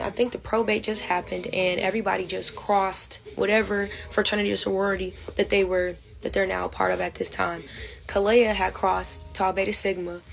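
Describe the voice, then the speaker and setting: A woman's voice: mid-range voice, gravelly, poor audio. Young woman telling a storytime vlog. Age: young adult. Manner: detailed, measured recounting with quoted dialogue. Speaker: vlogger. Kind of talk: storytime monologue.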